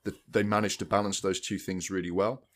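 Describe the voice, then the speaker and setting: A man's voice: sits low, flat delivery, brisk. A man co-hosting a podcast, chatting casually about new releases and rambling through restarts. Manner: rambling, restarts mid-sentence. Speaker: podcast co-host. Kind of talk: casual film chat.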